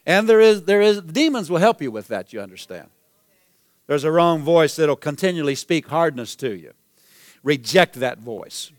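A man preaching a sermon as pastor, emphatic and repetitive, building to shouted declarations. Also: fairly high pitch, lively intonation, normal speed, no echo, clean studio sound. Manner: emphatic preaching, repeats phrases, rises to shouts.

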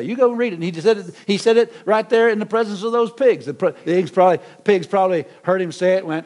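High-voiced preaching pastor. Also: male voice, fairly quick. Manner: animated preaching with repetitions and restarts. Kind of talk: sermon.

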